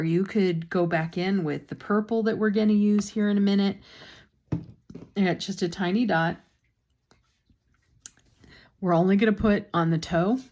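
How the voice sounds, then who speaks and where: A woman painting instructor with a lowish voice and a slightly sore throat walks through a step-by-step demonstration. She keeps it casual, tossing in chatty, self-deprecating asides.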